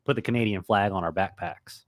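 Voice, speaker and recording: An American man co-hosting a talk radio show, telling stories in quick, lively casual banter. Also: lowish voice, no room sound.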